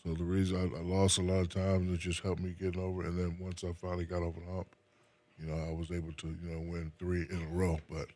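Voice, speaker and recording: Very deep-voiced laid-back man. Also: monotone, fast talker. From New Jersey. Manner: laid-back, soft-spoken, trailing off with fillers. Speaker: guest, retired basketball player. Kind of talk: casual interview.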